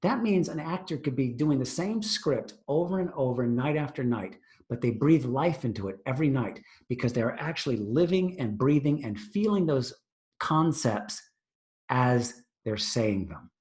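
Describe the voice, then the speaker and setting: A man teaching a tutorial on presentation skills, emphatic and animated, swinging between loud and hushed delivery. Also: mid-range voice, normal speed. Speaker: presentation coach.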